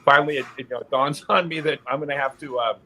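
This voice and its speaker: Bright-voiced man telling a story. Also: mid-range voice, fast. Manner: animated storyteller, laughs mid-sentence. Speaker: podcast guest. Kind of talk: casual chat, anecdote telling.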